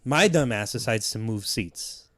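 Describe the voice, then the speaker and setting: A man's voice: on the low side, animated, unhurried, dry recording. Man, podcast co-host, casual banter, jokey, swears a lot, dry close mic. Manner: joking, laughs often, swears freely. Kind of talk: casual chat.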